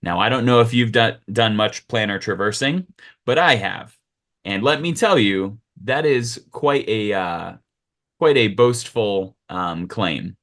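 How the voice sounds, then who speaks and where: A man voicing a gruff, commanding male interpreter who briefs a band of minions in a tabletop fantasy game, in a bossy, brisk manner. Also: lowish voice, fairly bright tone.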